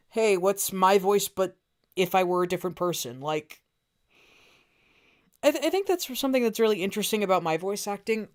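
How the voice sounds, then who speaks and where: A woman voice actor chatting casually on an art stream, telling rambling stories. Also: on the low side. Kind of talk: casual chat while drawing on stream.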